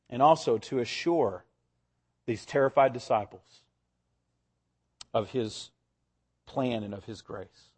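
A man preaching a sermon as pastor, expressive, shifting pitch and pace for emphasis. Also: slightly rough.

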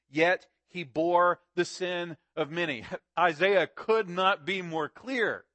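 A man delivering an expository sermon in a somewhat high voice. He reads scripture aloud and swells to emphatic peaks as he teaches. The sound is dry and close, with no room echo. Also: pushed and bright. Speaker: pastor.

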